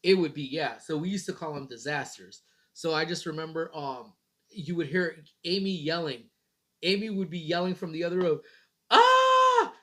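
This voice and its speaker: A man's voice: a little high, normal speed. A man in his thirties hosting a casual morning livestream, rambling in a laid-back way and swearing casually. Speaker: livestream host.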